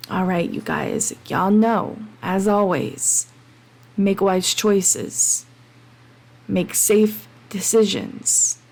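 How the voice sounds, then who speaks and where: A woman hosting her own podcast, talking passionately and emphatically, getting heated and then calming down. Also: mid-range voice, gravelly. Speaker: podcast host. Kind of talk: solo podcast monologue. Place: home, late at night.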